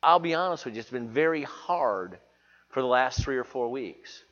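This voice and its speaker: A man's voice: mid-range voice, animated, normal speed, a bit bright, long reverb tail, dull audio. A man preaching a sermon to his church, earnest and confessional, repeating phrases for emphasis. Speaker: pastor.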